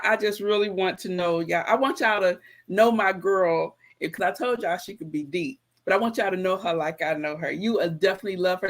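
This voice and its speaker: A woman's voice: mid-range voice, fairly bright tone. A woman hosting a casual live-stream chat over a video call, chatty and affectionate, laughing often. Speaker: host.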